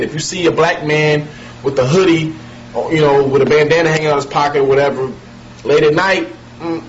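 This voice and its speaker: A man explaining his views conversationally to camera in a video clip. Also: a little high. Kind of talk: casual talk to camera. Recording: dull lo-fi clip with faint noise.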